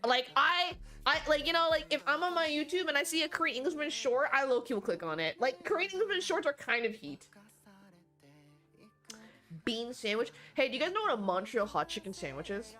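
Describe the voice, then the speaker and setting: A young woman with a high voice rambles to her live-stream chat in a loose, animated way, cursing freely and tripping over her own sentences. Faint music plays quietly behind her. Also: brisk. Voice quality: chatty, animated, swears freely. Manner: talks to chat, frequent fillers and restarts.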